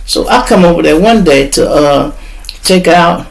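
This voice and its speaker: A man telling a street story on his podcast, animated and profane, acting out the voices of the people in it. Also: fairly high pitch, unhurried, gravelly, poor audio. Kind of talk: casual storytelling.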